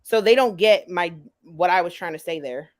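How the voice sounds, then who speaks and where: A woman's voice: fairly low pitch, moderate pace. Indignant woman reading chat aloud. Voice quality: profane, indignant. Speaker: commentary streamer. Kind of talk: reading chat messages aloud and ranting back.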